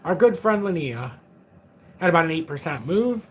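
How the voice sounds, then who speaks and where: A man's voice: a little high, sing-song, normal speed, breathy edge. Rambling, joking man in his forties. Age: 40s. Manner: joking, rambling, self-mocking. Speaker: crypto livestream host. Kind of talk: casual livestream chat.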